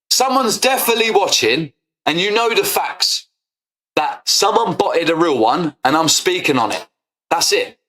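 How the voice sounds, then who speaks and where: A man's voice: fairly high pitch, pushed and bright, poor audio. A young man, ranting heatedly to his stream audience, swearing and repeating his points. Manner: combative, swearing, repetitive. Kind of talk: heated casual rant.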